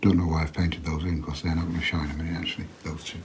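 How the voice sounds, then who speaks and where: A man giving a relaxed watercolour painting lesson, chatty and quiet, often dropping to a murmur as he works. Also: extremely low pitch, fast, background noise. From England. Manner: quiet, chatty, drops to a murmur while working.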